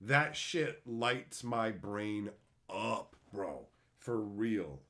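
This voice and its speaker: In a low voice and at an extremely slow pace, a man livestreams and chats casually with his viewers. He's a streamer and entertainer who is animated, swears freely, and laughs often.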